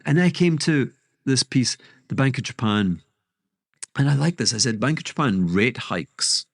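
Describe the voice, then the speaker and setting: Scottish male host, deep voice, rambling self-interrupting monologue with emphatic flare-ups. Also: no echo, studio quality. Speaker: podcast host. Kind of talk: casual monologue on markets.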